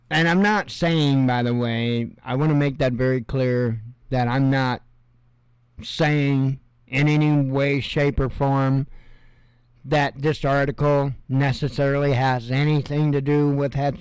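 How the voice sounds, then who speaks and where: Male news host: slow, rambling, sarcastic, smooth voice, dry close sound. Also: medium pitch, darkish tone, no room sound. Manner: rambling and sarcastic, with mocking asides. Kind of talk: casual news commentary.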